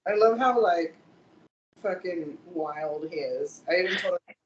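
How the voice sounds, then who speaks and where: A woman's voice: lowish voice, unhurried. A young woman co-hosting a casual podcast, enthusiastic and swearing casually. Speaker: podcast co-host. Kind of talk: casual profane chat. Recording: roomy, dull, slight noise.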